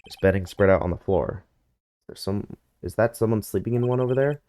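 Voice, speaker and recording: A man's voice: on the low side, fairly quick, mellow. A man reading game dialogue aloud in a dry, wry tone during a playthrough.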